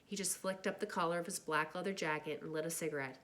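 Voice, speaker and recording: A woman reading a novel aloud in steady, plain narration. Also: deep voice, fast. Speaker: reader.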